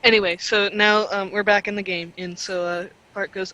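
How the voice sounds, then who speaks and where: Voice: mid-range voice, level tone, normal speed, sharp tone, dull audio. A tabletop game player chatting casually, stepping in and out of character, prone to giggling and restarting sentences. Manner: giggly, talks in restarts and fillers.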